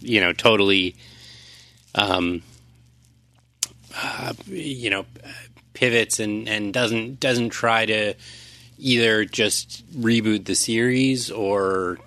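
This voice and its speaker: A man's voice: fairly low pitch, creaky, fairly bright tone. A man on a casual movie podcast, rambling with many fillers while he gives his opinion. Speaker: podcast guest.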